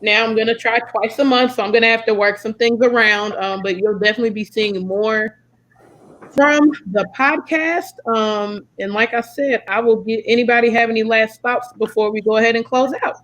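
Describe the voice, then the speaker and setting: A woman's voice: on the high side, fairly even intonation, normal speed, a bit bright, rough recording. A young American woman hosting a casual podcast chat, friendly and full of fillers. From United States. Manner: chatty, friendly, lots of fillers. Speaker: podcast host.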